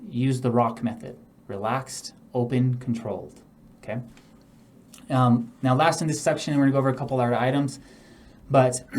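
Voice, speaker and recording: A man's voice: mid-range voice, darkish tone. A man teaching real estate negotiation in a casual, instructional way, often acting out example speakers. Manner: casual, demonstrates tones and acts out example speakers. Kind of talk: instructional talk.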